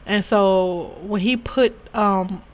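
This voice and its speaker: A woman's voice: mid-range voice, fairly even intonation, slow pace. A young woman telling her own story in a candid, emphatic way, often restarting her sentences. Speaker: spiritual reader sharing experiences. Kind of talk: casual personal storytelling. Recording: dull lo-fi recording.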